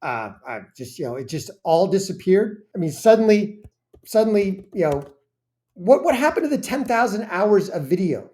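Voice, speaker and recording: A woman's voice: medium pitch, sing-song, normal speed, mellow. Brief: woman host of a reaction channel, indignant and emphatic, stumbles and restarts often. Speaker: political commentary host. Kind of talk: reaction commentary.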